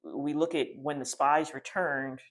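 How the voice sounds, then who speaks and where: A man's voice: a little high, steady tone, a little slow, fairly bright tone. A man giving a casual, rambling spiritual talk, full of restarts and fillers, retelling a scripture story. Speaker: spiritual teacher.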